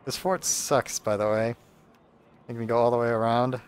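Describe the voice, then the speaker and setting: A man's voice: medium pitch, steady tone, moderate pace, clean tone. Sarcastic man chatting over gameplay. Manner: sarcastic, rambling, joking. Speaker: let's play host. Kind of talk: casual gameplay commentary.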